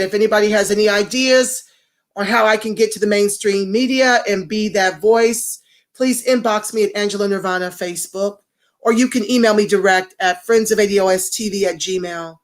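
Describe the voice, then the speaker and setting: A woman hosting a casual livestream, talking straight to viewers and greeting commenters by name. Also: medium pitch. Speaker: livestream host.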